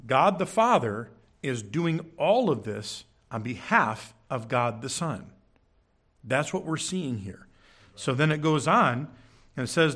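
A man preaching in a church, teaching from scripture with emphatic, animated delivery and frequent check-ins with the congregation. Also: medium pitch, slow. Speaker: pastor. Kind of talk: sermon. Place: church sanctuary.

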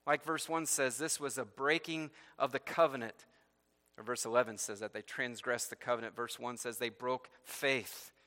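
A man's voice: mid-range voice, fairly even intonation, normal speed, bright, forceful tone, big-room sound. A man preaching a sermon, reading scripture aloud and explaining it verse by verse with rhetorical questions. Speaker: pastor.

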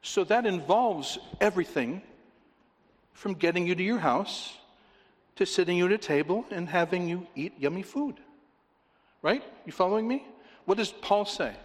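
Emphatic male pastor, slightly high voice, long hall reverb. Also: expressive, normal speed, long pauses. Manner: emphatic, repetitive, drops to quiet intensity. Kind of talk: sermon.

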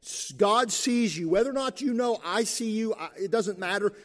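Male preacher, high voice, emphatic sermon delivery that drives points home by repeating them. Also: moderate pace, long reverb tail. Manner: emphatic, repeats key phrases.

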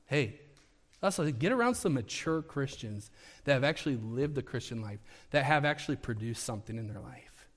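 High-voiced preacher in a reverberant hall. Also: male voice. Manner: animated, conversational, acts out the scripture. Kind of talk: sermon.

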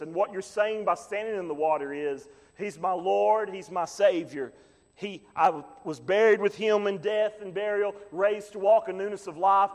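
A high-pitched male pastor preaches in a church sanctuary, building from calm scripture reading to fervent peaks. His voice rings with a long reverb from the hall around him. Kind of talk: sermon.

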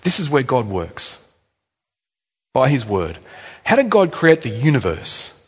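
A man's voice: mid-range voice, huge pitch swings, a little slow, husky. A man preaching a sermon as pastor, conversational with wry asides and emphatic repetition. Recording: long hall reverb.

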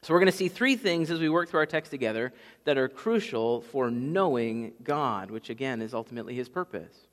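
A man's voice: medium pitch, animated, fairly quick. A male pastor preaching a sermon, teaching in a conversational way with asides and questions to the congregation. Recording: church hall reverb.

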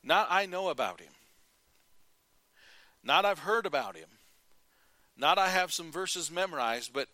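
Male pastor, fairly high, bright forceful voice, earnest sermon delivery. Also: big pitch swings, measured pace, pauses often, dry recording. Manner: earnest preaching, rising to emphatic calls and dropping to quiet.

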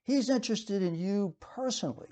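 A man's voice: sits high, expressive, moderate pace, dark tone. A man preaching a sermon in a conversational way, with frequent fillers and restarts.

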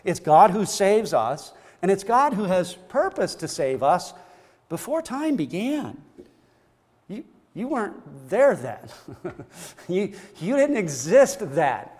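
A man with a notably high voice preaches a sermon in a church hall, his words ringing with a long echo. He drives his points home by piling up short repeated phrases, stumbling and restarting now and then. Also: sing-song, slow, a little mellow. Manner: emphatic, repeats phrases for stress, frequent restarts. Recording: long reverb of a large hall.

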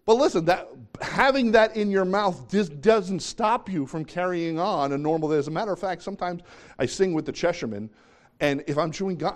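Middle-aged guy preaching, easygoing and chatty, pokes fun at himself, keeps asking the room questions. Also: on the high side. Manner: conversational, self-deprecating, asks the congregation questions. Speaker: pastor. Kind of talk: sermon.

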